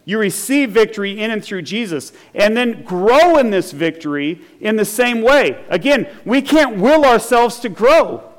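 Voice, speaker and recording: A pastor delivers a sermon in a fairly high male voice. He preaches earnestly, reads scripture aloud and unpacks it, often restarting a phrase and checking in with "right?". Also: expressive, measured pace, few pauses.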